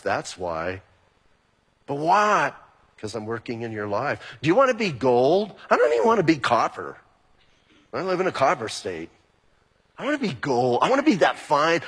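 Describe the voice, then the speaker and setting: Husky preacher in a reverberant hall. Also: male voice, sits high. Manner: animated, acts out quoted exchanges. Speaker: pastor. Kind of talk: sermon.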